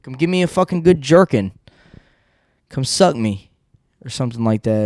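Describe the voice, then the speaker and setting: A man's voice: a little high, very animated, moderate pace, pauses often, darkish tone, no room sound, studio quality. A man hosting his own podcast, talking alone in a loose, rambling and heavily profane rant while seated. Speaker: podcast host. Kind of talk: casual solo podcast rant. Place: seated indoors without a backrest.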